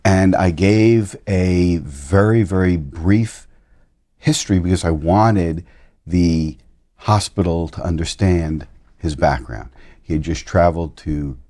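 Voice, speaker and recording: Casting note: deep, mellow man, family doctor guest, measured and explanatory. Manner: measured, explanatory, clinical wording. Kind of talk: casual conversation.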